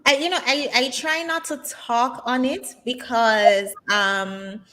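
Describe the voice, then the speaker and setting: A woman's voice: a little high, slow pace, fairly bright tone. A woman being interviewed who speaks candidly and with strong opinions, using lots of um's and likes. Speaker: interview guest. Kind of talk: casual interview chat.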